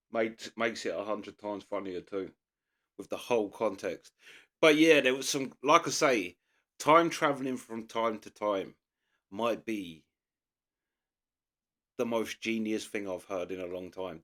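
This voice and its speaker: Reaction host, man, low voice, loose and enthusiastic, repeats himself. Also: a bit bright. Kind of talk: casual reaction commentary.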